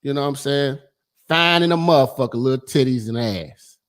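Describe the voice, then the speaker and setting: A man hosting a call-in radio show, ranting loudly and crudely, rambling, swearing and often breaking into laughter. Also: medium pitch, a little fast.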